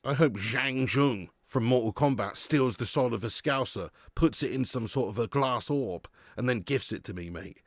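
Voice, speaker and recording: A man's voice: mid-range voice, normal speed, hardly any pauses. A man hosting a live football watch-along, joking and laughing as he thanks viewers for super chats.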